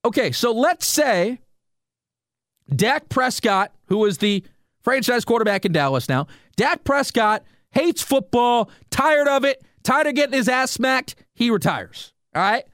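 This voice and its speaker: A very high-pitched male voice at a measured pace, captured dry with clean studio sound. As a sports radio host on his solo podcast, he rants with lots of rhetorical questions, stays animated, and speaks directly to the people listening.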